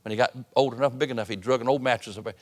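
A man's voice: mid-range voice, very fast. Emphatic preacher, man. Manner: emphatic preaching, swings from loud appeals to hushed tones. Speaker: pastor. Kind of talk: sermon. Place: church sanctuary.

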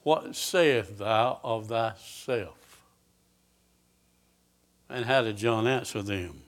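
A man preaching a sermon, reading scripture aloud with emphasis and asking his listeners direct questions. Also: on the low side. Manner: slow, emphatic scripture reading with rising intensity; asks the congregation direct questions.

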